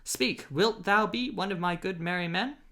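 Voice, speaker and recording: A man's voice: sits high, moderate pace, bright, forceful tone. A man voicing a jolly, bold outlaw leader who speaks old-fashioned English with a hearty, laughing manner, in an audiobook reading. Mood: commanding. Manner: hearty, laughing, archaic speech. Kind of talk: audiobook character voice.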